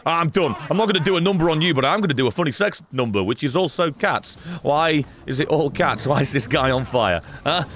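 A man giving sarcastic, excitable let's-play commentary, swearing often and talking back to characters in the game. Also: fairly high pitch, brisk, hardly any pauses. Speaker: gaming streamer.

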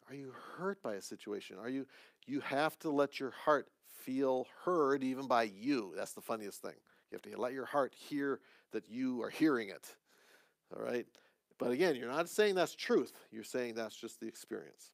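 A man teaching a conversational sermon as pastor in a church, with joking asides and quick restarts. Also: medium pitch, vocal fry, dry recording.

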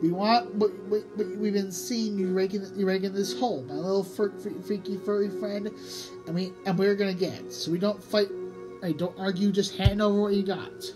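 A woman reading the part of a big male rat gang leader who speaks quietly and menacingly, with music playing behind. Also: mid-range voice, steady tone, normal speed, voice pushed up, close to an everyday voice, rough recording. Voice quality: snarling, hissing. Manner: quiet and threatening.

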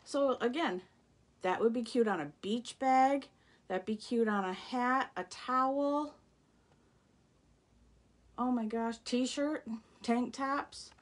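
A woman's voice: fairly high pitch, takes it slowly. A middle-aged woman casually walking viewers through craft products, gushing and exclaiming as she goes. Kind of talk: casual live product walkthrough.

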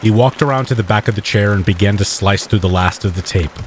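A man narrating a first-person horror story in a steady, measured way. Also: on the low side, a little hiss or hum. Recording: faint rain ambience mixed behind the voice.

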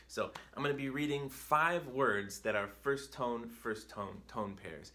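A man's voice: medium pitch, unhurried, bright, forceful tone. A man teaching a video language lesson, explaining patiently and checking in with "right?" as he goes. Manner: reads drill words in a raised, careful voice. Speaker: Chinese teacher.

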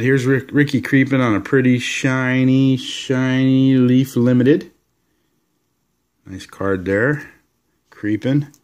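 A man casually showing off his collection of sports cards, rambling along with relaxed, enthusiastic asides. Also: medium pitch. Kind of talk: casual card-showing vlog.

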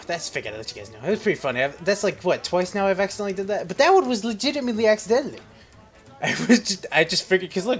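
Crude, joking gameplay commentator. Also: male voice, sits high. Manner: casual, crude, joking, laughs often. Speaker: let's play host.

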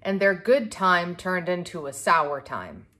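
A woman reading a children's picture book aloud to a young child in a clear, expressive way. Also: fairly low pitch, measured pace. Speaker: storybook reader.

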